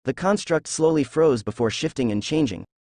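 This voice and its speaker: A man narrating a fan fiction story in a steady, even reading voice. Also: on the high side, normal speed, dry recording, clean studio sound.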